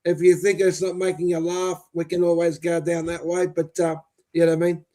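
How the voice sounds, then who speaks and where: Aussie guy on a footy pod telling a dirty joke, voice on the higher side. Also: monotone, fairly quick, warm tone. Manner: storytelling, cheerful. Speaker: podcast co-host.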